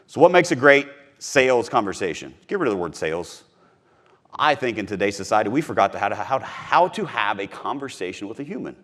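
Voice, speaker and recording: A middle-aged man from Missouri, whose voice sits low with a fairly bright tone, hosts a podcast teaching sales. His motivational talk is punchy and emphatic, and he repeats his key phrases.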